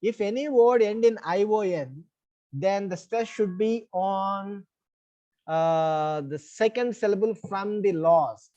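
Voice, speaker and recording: A man's voice: high-pitched, slow, warm tone, lo-fi sound. Indian man teaching an online English class. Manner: explains rules step by step, repeats himself, checks understanding. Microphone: online class call.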